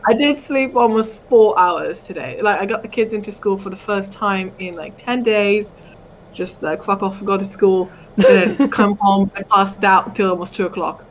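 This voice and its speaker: A woman's voice: medium pitch, normal speed, slight background noise, low-quality recording. A woman in her thirties, a tired mother, chatting casually and short of breath. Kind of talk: casual chat.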